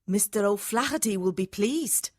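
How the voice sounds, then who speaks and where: A man's voice: high-pitched, expressive, normal speed, pitched above the performer's own voice. A man reading a storybook and voicing a cheerful young woman working at a car hire desk.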